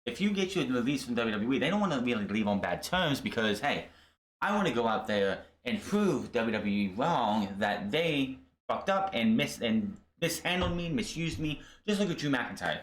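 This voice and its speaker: A man's voice: mid-range voice, big pitch swings, moderate pace. A man hosting a wrestling podcast, ranting casually with lots of swearing and stumbling restarts over names.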